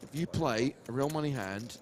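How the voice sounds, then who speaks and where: A man's voice: medium pitch, moderate pace, a little hiss or hum. A man commentating a live poker stream, calling the cards and reading promotions. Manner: calls cards crisply and reads promotions smoothly.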